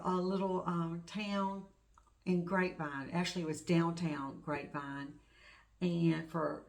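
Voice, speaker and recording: A middle-aged woman hosting a craft channel, chatting casually and rambling as she gushes over her stitching projects. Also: on the low side. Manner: chatty and rambling, gushing over small things. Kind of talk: casual show-and-tell chat.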